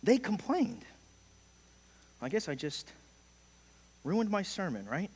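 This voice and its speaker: A man's voice: sits high, big pitch swings, takes it slowly, husky. A middle-aged man preaching a sermon as pastor, impassioned and emphatic, with sudden swells and drops in force. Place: church sanctuary. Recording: long church hall reverb.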